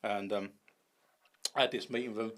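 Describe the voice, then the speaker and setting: A man, a podcast guest telling casual stories in an animated way, acting out dialogue with many restarts. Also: on the low side, moderate pace. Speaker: podcast guest, bait company founder.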